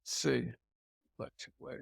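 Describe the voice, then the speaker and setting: A man's voice: slow, dry recording. An older man being interviewed about his career, chatting casually and repeating phrases for emphasis. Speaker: interview guest, TV host and author.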